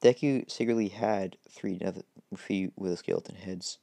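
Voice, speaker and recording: Gravelly man rambling through a story. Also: deep voice, fairly even intonation, moderate pace, dark tone, dry recording. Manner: rambling, hesitant, many fillers. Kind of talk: improvised game story narration.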